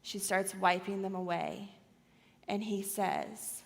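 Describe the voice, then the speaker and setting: A woman pastor preaching a sermon in a church auditorium, telling a story dramatically with loud and hushed swings. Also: mid-range voice, steady tone, slow, vocal fry, in a large hall.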